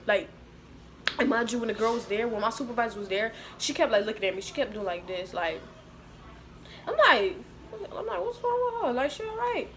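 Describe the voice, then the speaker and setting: Young woman, storytime vlogger, slangy and animated, slightly high voice. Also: slight background noise. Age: young adult. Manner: animated, slangy, talks to viewers. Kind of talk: casual storytime.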